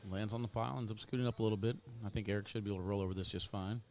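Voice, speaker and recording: A man's voice: lowish voice, steady tone, rapid-fire, a little mellow. A man giving casual, chatty play-by-play commentary on a cornhole match, joking with his co-host.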